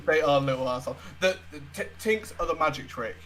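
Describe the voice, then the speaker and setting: A man's voice: a little high, animated, a little fast, soft background music, rough recording. A young man co-hosting a podcast, telling a story in a chatty, casual way and swearing freely. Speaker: podcast co-host. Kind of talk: casual chat.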